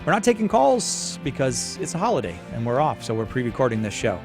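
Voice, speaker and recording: A man's voice: medium pitch, sing-song, fairly quick. Radio host man with faint music behind. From Boston. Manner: brief affirmations, then a smooth sign-off to break. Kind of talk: live radio talk.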